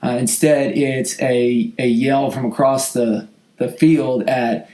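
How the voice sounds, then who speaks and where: Earnest coach, slightly hoarse voice, roomy. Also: male voice, medium pitch, steady tone, takes it slowly, dark tone. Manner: earnest, heartfelt, with frequent restarts and filler. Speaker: football coach and podcast host. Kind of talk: casual podcast talk answering listener questions. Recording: roomy echo.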